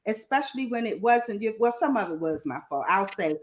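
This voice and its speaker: A woman with a Southern country accent, talking candidly on a panel about love and marriage, animated and quick to laugh. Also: medium pitch. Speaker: panel guest.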